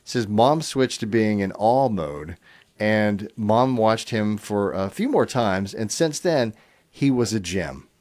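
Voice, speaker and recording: Here a middle-aged man hosting a radio call-in show shares listener stories on air, speaking slowly in a lowish register. The tone is easygoing, punctuated by chuckles and loose fillers.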